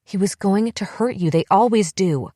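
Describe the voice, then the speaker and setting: This audiobook clip features a woman playing a desperate young woman pleading with her sister. Her medium-pitched voice has lively intonation and an unhurried pace, recorded clean in a studio without echo, and her begging and wheedling climbs into yelling.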